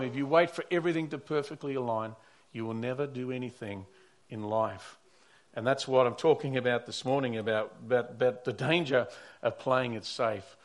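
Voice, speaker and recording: A man's voice: medium pitch, normal speed. A man who is a pastor preaching a sermon, telling stories earnestly and often repeating or restarting his words.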